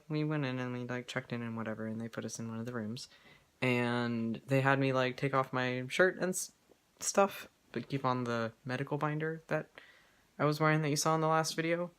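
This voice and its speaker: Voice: mid-range voice, moderate pace, fairly bright tone, clear, resonant tone. A vlogger talking casually at home in an update video, rambling with lots of fillers and restarts and giggling often.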